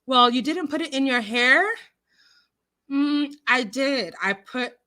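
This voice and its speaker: A woman's voice: high voice, slow, bright, forceful tone. A woman hosting a casual livestream, reading viewer comments aloud in a chatty, giggly, rambling way with lots of fillers. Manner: talks with her hands. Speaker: livestream host.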